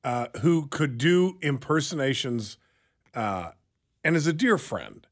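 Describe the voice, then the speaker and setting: A man's voice: mid-range voice, very animated, slow. A man hosting a radio show, leading the talk and telling stories in a chatty way. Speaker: host. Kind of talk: casual radio show banter.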